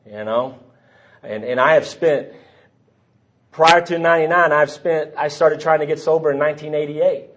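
A man's voice: fairly high pitch, steady tone, normal speed, a bit bright. A middle-aged man giving a rambling, self-deprecating personal testimony from the podium at a recovery meeting. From Texas.

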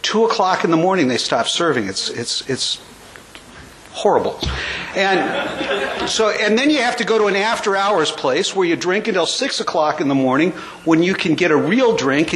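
Wry storytelling older man with hiss. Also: a little high. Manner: wry, humorous, conversational, draws laughs. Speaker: recovery meeting speaker. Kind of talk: storytelling talk.

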